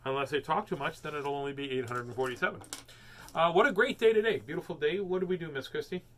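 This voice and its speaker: A man's voice: a little high, quick pace, fairly bright tone, slight background noise. A man hosting a home reading show, chatting casually with lots of jokes and fillers. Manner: rambling, jokey, many fillers. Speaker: host reading children's books. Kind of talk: casual chat.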